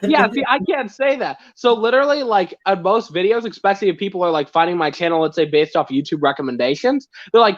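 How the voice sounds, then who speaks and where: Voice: medium pitch, brisk, hardly any pauses. Easygoing livestream guest on lo-fi audio. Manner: easygoing, trails off with "so", laughs at self. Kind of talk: casual livestream chat.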